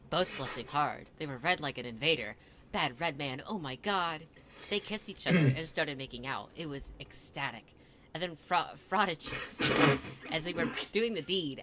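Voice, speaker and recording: A man's voice: on the high side, background noise. A man reading a comic fan story aloud in a mock-dramatic way, with wry asides.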